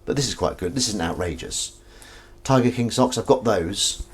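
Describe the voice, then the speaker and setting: Man, casual livestream host, animated pitch, rambling and self-deprecating, reads chat while doing dishes. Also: normal speed, breathy edge. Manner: rambling, self-mocking, chatty asides. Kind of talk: casual chat reading viewer comments.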